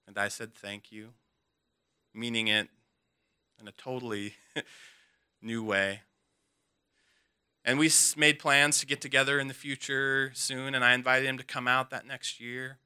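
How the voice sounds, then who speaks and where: A man telling a personal story in an earnest, halting way, with many restarts, his voice dropping soft at emotional moments. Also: medium pitch, clean tone.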